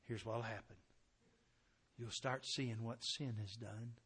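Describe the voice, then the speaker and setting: A man preaching a sermon with fervor, swinging from loud to hushed. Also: mid-range voice, steady tone, slow pace, slightly rough.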